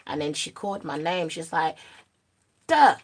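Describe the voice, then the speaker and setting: Young woman doing a storytime to camera, lowish voice, lots of slang, gets hushed then fired up. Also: brisk. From United Kingdom. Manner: animated slang-heavy storytelling, drops to a low murmur at serious parts. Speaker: vlogger. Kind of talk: storytime monologue.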